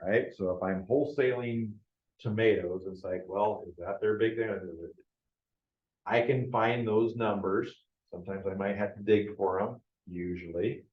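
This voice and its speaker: A man with a fairly low voice runs a business planning workshop for a live group in a meeting room. He talks informally and keeps checking in with his listeners as he goes. The recording is dull and lo-fi, with a noticeable room echo. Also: fairly even intonation, measured pace. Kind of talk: informal classroom lecture.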